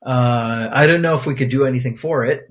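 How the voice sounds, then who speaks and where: A man's voice: mid-range voice, a little fast. A man co-hosting a podcast as a pediatric infectious disease doctor, rambling in casual banter full of fillers. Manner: rambling, many fillers, laughs easily.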